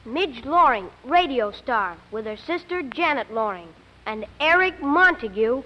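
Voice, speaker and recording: A woman's voice: sits high, animated, a little slow, muffled recording, slight background noise. An actress playing a friendly, plain-talking young woman with folksy grammar in a 1940s radio drama. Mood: chatty. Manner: folksy, ungrammatical.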